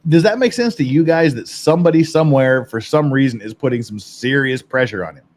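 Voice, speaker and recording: A podcast host with a mid-range, darkish voice and lively intonation talks briskly as he reads and reacts to viewer comments. He's casual, rambling, and blunt, swearing often and laughing a lot.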